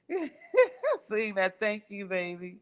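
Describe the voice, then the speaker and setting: An older woman hosting a casual livestream chat with viewers, telling stories in an animated way and laughing often. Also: mid-range voice, takes it slowly, clear, resonant tone. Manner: laughs often, animated storytelling with lively quoted voices. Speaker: livestream host.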